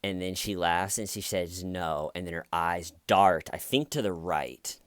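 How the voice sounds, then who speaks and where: A man's voice: low voice, a bit bright, no echo. A man giving a casual, wry commentary monologue, now and then mocking the people he quotes. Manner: slow, wry, acts out quotes in mocking voices. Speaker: commentary vlogger.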